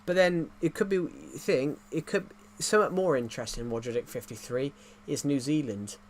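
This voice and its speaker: This man's voice is a little high and moves at a moderate pace as he plays a game live and chats with his audience. He jokes, rambles, and keeps restarting sentences, with slight background noise in the recording.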